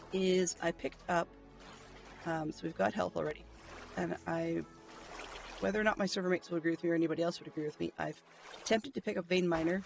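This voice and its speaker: A man's voice: fairly high pitch, gravelly. A man streaming a video game live, chatting casually and thinking aloud with lots of ums and dry, self-mocking humor. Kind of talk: casual gameplay commentary.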